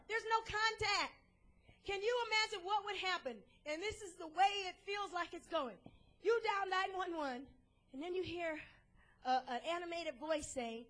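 Woman pastor preaching hard, super high bright voice, calls out to the saints. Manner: emphatic, calls out to the congregation. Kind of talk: sermon.

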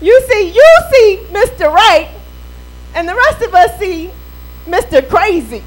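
A woman pastor with a very high voice delivers a sermon. She is playful, acts out little quoted voices and laughs often as she preaches. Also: animated, unhurried, low-quality recording.

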